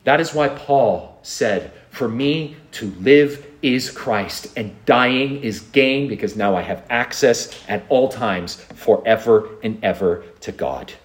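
A man's voice: medium pitch, slow, few pauses. A man preaching a sermon, earnest, with rhetorical questions and repeated refrains. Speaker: pastor. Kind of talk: expository sermon.

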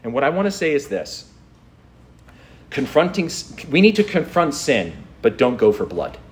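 Animated man preaching with lively pitch. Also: moderate pace, slight background noise. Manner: animated, incredulous rhetorical questions. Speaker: pastor. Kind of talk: sermon with scripture reading.

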